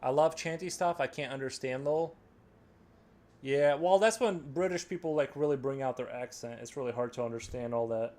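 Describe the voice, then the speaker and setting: A man's voice: medium pitch, moderate pace, darkish tone. An American man with a standard accent, chatting casually and joking while he draws during a live stream. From United States. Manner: rambling, joking, reading chat aloud. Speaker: livestream artist.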